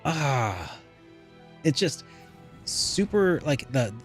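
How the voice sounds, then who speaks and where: A man co-hosting a casual video game podcast, talking in an excitable, rambling way full of "like" and restarts. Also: fairly high pitch, extremely slow, faint music behind. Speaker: podcast co-host. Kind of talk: casual chat about video games.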